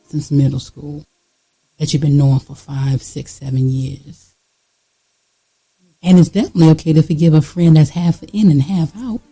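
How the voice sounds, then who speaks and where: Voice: medium pitch, mellow, breathy edge, low-quality recording. A vlogger giving a candid, blunt motivational talk straight to the viewer, in casual slangy speech full of fillers and repeats. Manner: emphatic, blunt and preachy, talking straight to the viewer.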